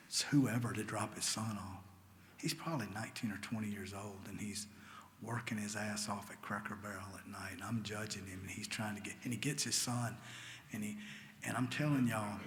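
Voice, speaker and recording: A man's voice: on the low side, fairly bright tone. A man telling an emotional recovery story to a meeting in a church hall, sometimes dropping to a near whisper. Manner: earnest and emotional, drops to a near whisper at tender moments. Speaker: AA meeting speaker. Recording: long hall reverb with faint ambient noise.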